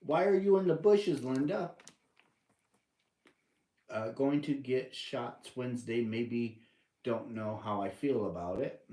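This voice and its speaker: Slow-talking American man in echoey room. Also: medium pitch, dark tone. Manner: slow, easygoing, greets viewers by name. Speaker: livestream host. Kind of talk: casual live chat reading viewer comments.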